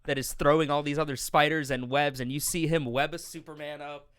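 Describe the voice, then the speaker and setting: A man co-hosting a podcast movie review, chiming in with agreements and quick asides in casual chat. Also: fairly high pitch, fairly even intonation, fairly bright tone, smooth, no room sound, studio quality.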